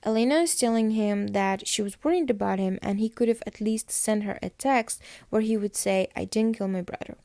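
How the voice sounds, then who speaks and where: A woman's voice: mid-range voice, normal speed, gravelly, few pauses, warm tone, dry recording, studio quality. A young woman hosting a podcast, casually recapping a TV episode in a chatty style full of fillers. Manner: chatty, filler-heavy retelling with quoted dialogue. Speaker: podcast host.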